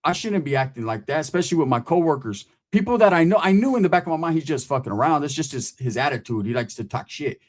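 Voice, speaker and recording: A man's voice: on the high side, fast talker. A middle-aged man from California telling a profane story in casual talk, often checking in with "right?". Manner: profane, animated, keeps asking "right?".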